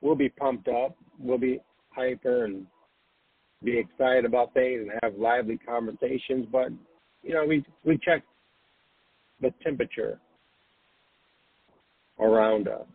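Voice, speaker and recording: A man hosting a late-night spiritual podcast, gently reassuring listeners and guiding them to breathe and relax. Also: medium pitch, a little slow, long pauses, breathy edge, dry recording. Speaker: podcast host. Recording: dry, phone-like narrow sound.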